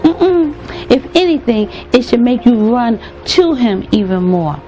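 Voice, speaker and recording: A woman's voice: a little high, very animated, a little slow, mellow, muffled recording, faint music behind. A woman preaching a sermon, earnest and emphatic, repeating phrases for weight and calling out to the congregation. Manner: calls out to the congregation directly.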